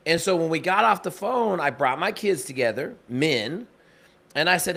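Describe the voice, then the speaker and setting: A man on a live talk broadcast telling a story with a lot of energy and acting out the quotes. His voice sits a little high and sounds forceful and tense. He speaks fast, with quick, punchy delivery. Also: expressive, vocal fry. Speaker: panel guest and father.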